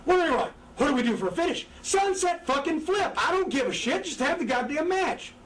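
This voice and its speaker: Brief profane, animated older man, high-pitched. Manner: profane, animated, acts out crowd and wrestler voices. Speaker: former pro wrestler, guest. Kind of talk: candid interview storytelling. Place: indoors, seated on a couch. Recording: distant mic with faint background noise.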